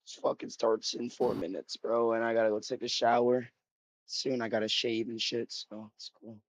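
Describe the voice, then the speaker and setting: A man streaming casual chat, blunt and profane, with a voice he says is going hoarse. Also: mid-range voice, little pitch movement, moderate pace, dry recording. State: losing his voice.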